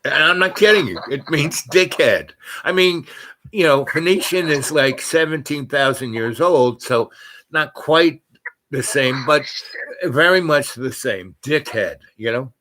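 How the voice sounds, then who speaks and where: A man hosting a comedy show, telling a meandering story full of restarts and absurd deadpan asides. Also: fairly high pitch, a little slow. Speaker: comedic YouTube host. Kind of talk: rambling comic storytelling monologue.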